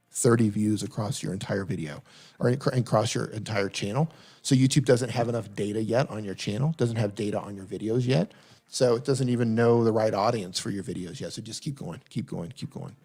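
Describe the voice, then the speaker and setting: Faint funk music plays behind a man with a lowish, slightly mellow voice who hosts a live stream Q&A. He coaches viewers on their channels, reads the chat aloud, and often repeats himself for emphasis.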